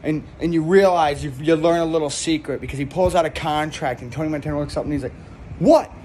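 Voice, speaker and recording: A young man spinning a loose comedy bit, voice a touch higher than most men's. He rambles and swears freely, with a faint hum of noise behind him. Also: fairly even intonation, quick pace, darkish tone. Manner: rambling, heavy swearing, lots of "like". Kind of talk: casual comic storytelling.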